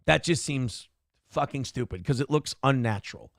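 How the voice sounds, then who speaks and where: A man's voice: medium pitch, moderate pace, no echo, studio quality. A man hosting a livestream morning commentary show, blunt and profane, rambling through opinions and reading chat comments aloud.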